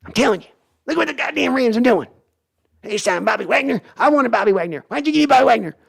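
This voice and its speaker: A man doing an impression of a blustering older Texan football team owner with a Texan accent, in a high, strained, shouty voice. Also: expressive, fast talker, gravelly, breathy edge, heavily acted.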